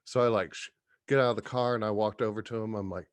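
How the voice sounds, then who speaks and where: A man guesting on a podcast, telling stories in a profane, animated, casual way. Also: on the low side, quick pace. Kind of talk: casual storytelling chat.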